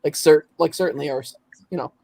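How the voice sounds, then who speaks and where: A high-voiced man from Ontario, Canada hosts a late-night collectors' stream, chatting a little fast with vocal fry and a slightly mellow tone. He laughs often, trails off and restarts, and the recording is rough.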